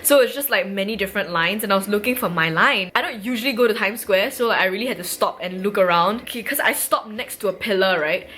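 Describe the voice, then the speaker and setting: A woman's voice: mid-range voice, fast talker, few pauses, pushed and bright, a little hiss or hum. A woman in her twenties with a Singaporean accent tells a casual storytime vlog, chatty and full of "like". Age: 20s. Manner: chatty, heavy use of "like", acts out quoted dialogue. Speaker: vlogger.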